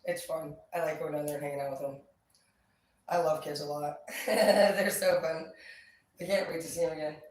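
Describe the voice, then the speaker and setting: A woman's voice: sits low, fairly even intonation, moderate pace, pauses often, darkish tone, recorded from a distance. A woman rambles on in a loose, cheerful way, peppering her talk with swear words. She sits back from the mic, and her voice rings around a very echoey space. A faint hum of ambient noise stays under everything. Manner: chatty, profane, upbeat. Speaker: vlogger. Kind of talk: casual chat.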